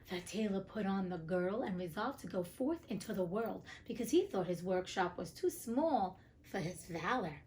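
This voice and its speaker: Reading a fairy tale aloud for her audiobook podcast, a young host keeps tossing in cheeky, profane asides in a casual storybook style. She speaks at normal speed in a medium-pitched, animated voice with a darkish tone.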